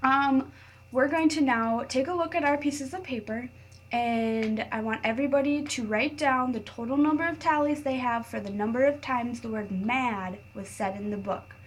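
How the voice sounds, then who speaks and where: A woman teacher reading a picture book aloud to her class, patient and clear, pausing to guide students. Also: on the high side, slight background noise.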